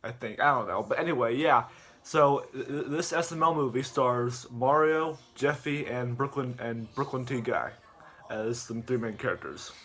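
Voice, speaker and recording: A man's voice: mid-range voice, normal speed, a bit bright. A man recapping a video in a casual, rambling rant, with stammering restarts and filler words. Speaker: video host.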